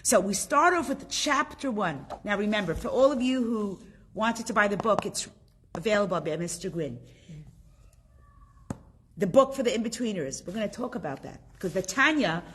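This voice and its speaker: A middle-aged woman from Canada teaching a casual group class, lively and chatty, often putting questions to her students. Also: mid-range voice, moderate pace, a little hiss or hum.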